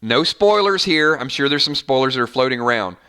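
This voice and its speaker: Brisk and clean-toned, the host's mid-range voice carries a light Southern accent from Georgia. He leads a loose, rambling fan chat, animated and prone to repeating himself.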